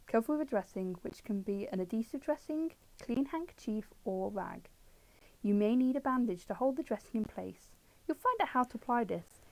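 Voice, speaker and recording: A woman's voice: mid-range voice, gravelly, a little mellow, rough recording. A British woman streaming from home, chatting casually as she looks through old books and answers her chat with jokes.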